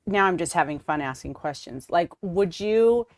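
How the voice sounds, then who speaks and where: A woman's voice: fairly low pitch, expressive, moderate pace, no room sound. Chatty woman host asking friendly questions. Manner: chatty, laughs easily, asks friendly questions. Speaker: host and interviewer. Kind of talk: casual interview conversation.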